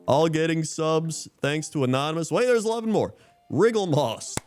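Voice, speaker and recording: Male streamer, animated delivery with swooping pitch, laughs between bits, casual chat. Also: moderate pace, soft background music. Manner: animated, laughing, reading out usernames.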